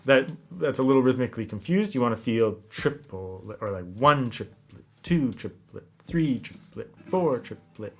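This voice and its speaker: A man teaching classical guitar, explaining technique calmly and counting out the rhythm as he goes. His voice sits in a middle range. Loud guitar playing runs behind him. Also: mid-range voice, moderate pace. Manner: relaxed, explanatory, counting beats aloud. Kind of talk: instructional lesson talk.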